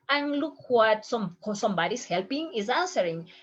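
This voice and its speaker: A woman teaching a medical Spanish lesson from slides, going over each phrase slowly and saying it in both languages. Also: fairly high pitch, very animated, breathy edge. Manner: slow, explains and repeats phrases in both languages. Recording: muffled lo-fi recording.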